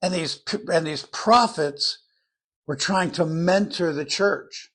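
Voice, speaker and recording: An older man delivers a sermon in an easy, conversational way, earnestly walking his listeners through the Bible. His voice is husky and sits a little high for a man. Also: takes it slowly, fairly bright tone. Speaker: preacher.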